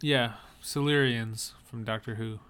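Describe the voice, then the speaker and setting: A man's voice: medium pitch, steady tone, unhurried, a bit bright. A man co-hosting a podcast, chatting casually about movie trailers and explaining details with frequent restarts. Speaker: podcast co-host.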